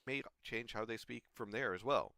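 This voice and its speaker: Low-voiced male essay narrator. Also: moderate pace, creaky, sharp tone, dry recording, clean studio sound. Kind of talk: scripted narration.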